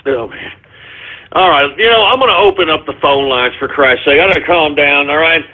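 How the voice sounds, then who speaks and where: On narrow, phone-like audio, a man with a slightly high voice hosts a call-in radio show at a normal speed. He sounds agitated and winded, a little out of breath, and swears as he talks.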